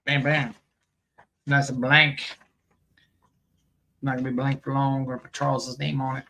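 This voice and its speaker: Man, live-stream host, casual rambling chat, gravelly voice, laughs a lot. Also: medium pitch, little pitch movement, normal speed, pushed and bright, a little hiss or hum. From United States. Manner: rambling, jokey, laughs often, reads chat aloud.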